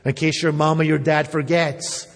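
Husky-voiced man preaching in a reverberant hall. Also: a little high, flat delivery, normal speed. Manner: earnest, emphatic preaching, addresses children directly. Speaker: pastor. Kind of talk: sermon. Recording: long reverb of a church hall.

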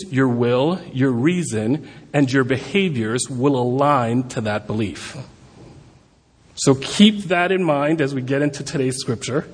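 A man's voice: fairly high pitch, husky. A man giving a guest sermon at a church service, talking in a chatty, self-deprecating way with many fillers. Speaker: guest preacher. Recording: long hall reverb.

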